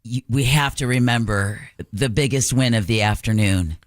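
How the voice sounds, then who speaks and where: A man's voice: mid-range voice, normal speed, no echo, clean studio sound. Joking male radio co-host. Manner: joking, storytelling. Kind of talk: casual radio banter. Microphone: studio microphone.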